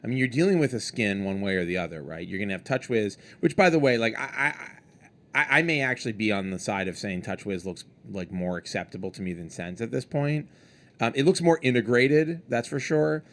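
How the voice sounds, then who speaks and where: A man co-hosting a casual tech podcast, rambling through his thoughts with plenty of fillers and restarts. He turns animated and breaks into mock impressions of presenters. His pitch sits in a middle range for a man. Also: brisk. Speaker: podcast co-host.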